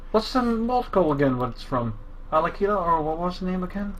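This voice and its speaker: A man joins a live game stream as a co-player, speaking casually in brief, laid-back comments. His voice sits a little higher than usual for a man. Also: big pitch swings, a little fast, a little hiss or hum.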